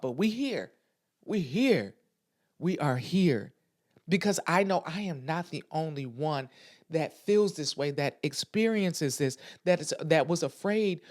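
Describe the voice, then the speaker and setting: Woman podcast host, solo monologue; blunt, repeats lines for emphasis, speaks right to the listener. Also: on the low side. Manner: emphatic, repeats phrases for stress; talks straight to listeners, frank and blunt. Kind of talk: casual motivational podcast monologue.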